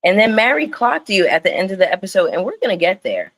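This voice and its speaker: A young woman giving casual, animated livestream commentary on a reality show, laughing often. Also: mid-range voice, fast. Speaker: reality TV recap streamer.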